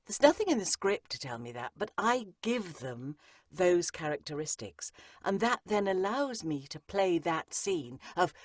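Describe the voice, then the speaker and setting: Woman, lower voice, lively swooping delivery, dry close recording, coaching talk. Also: unhurried, no room sound. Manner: animated, slips into playful character voices to make a point. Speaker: narrator and acting coach. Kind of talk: interview on a podcast.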